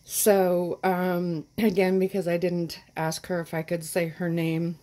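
A woman's voice: lowish voice, little pitch movement, a little slow, mellow. A woman hosting a casual unboxing vlog, gushing and stammering, choked up and close to tears. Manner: gushing, stammering, breaks off mid-sentence. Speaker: channel host.

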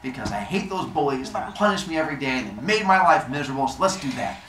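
A man voicing a bullied, eager teenage boy with a strained, excitable voice. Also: mid-range voice, quick pace, echoey room, recorded from a distance, slight background noise, poor audio. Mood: scheming.

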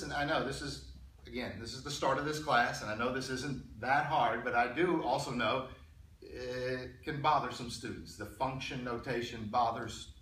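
Halting male teacher in an echoey classroom. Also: medium pitch, a bit bright, far from the mic. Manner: halting, repeats words, clears throat often; asks the class questions. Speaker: college algebra teacher. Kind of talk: classroom lecture.

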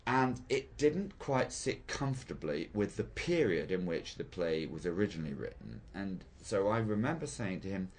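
An older man, a theatre director, recalling his work in an interview, thoughtful and hesitant with frequent pauses and restarts. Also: low-pitched, very animated. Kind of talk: reflective interview recollection.

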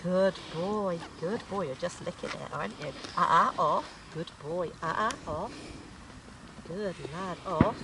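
A woman's voice: on the low side, measured pace, far from the mic. A woman outdoors on a farm in casual chat, praising puppies in a sing-song way between firm commands. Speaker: dog owner. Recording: noisy outdoor recording. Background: dogs and outdoor noise.

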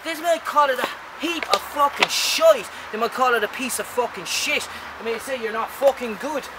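A man's voice: very high-pitched, moderate pace. A man, an artist, delivering an angry, rambling, profanity-filled rant. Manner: angry, swears constantly, rambling. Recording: distant voice, loud outdoor street traffic.

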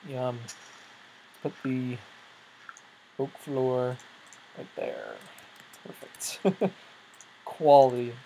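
A let's-play host giving casual commentary on their own gameplay, thinking out loud and startling easily. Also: mid-range voice, fairly even intonation, extremely slow, gravelly, pauses often, slight background noise, rough recording.

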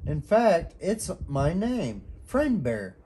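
A man voicing a gentle, cuddly male bear friend in a children's storybook, with a soft, soothing, sing-song delivery. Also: fairly high pitch, wildly swooping pitch, takes it slowly, a little hiss or hum, exaggerated voice.

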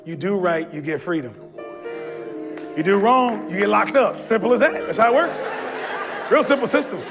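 A middle-aged man preaching a fervent sermon in church, rising to shouts at the peaks. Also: high voice, animated, moderate pace, over music. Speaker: pastor. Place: church sanctuary.

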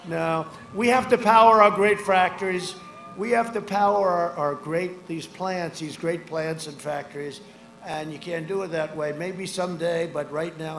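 An older man in his seventies giving a rambling rally speech outdoors, repeating himself and swinging between shouted lines and low asides. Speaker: politician speaking at a rally. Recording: echoey outdoor rally with crowd ambience.

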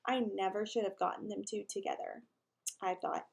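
A woman reading a children's chapter book aloud in an animated way, slowing for emphasis and putting questions to young listeners. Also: mid-range voice, creaky. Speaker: reader.

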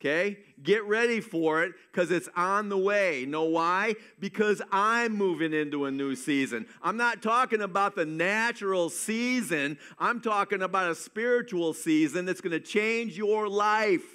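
A man delivers a lively, folksy sermon from the pulpit of a church. His voice sits notably high for a man, and he keeps it loose and joking as he drives his points home. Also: measured pace, hardly any pauses, smooth. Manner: energetic, joking, folksy preaching. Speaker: pastor. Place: church sanctuary.

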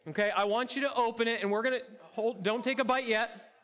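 A high-pitched male pastor delivers his sermon in a church auditorium. He's playful and interactive, talking straight to the people in the seats. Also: fairly even intonation, a little fast, a bit bright. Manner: playful, interactive, addresses congregation directly. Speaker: campus pastor.

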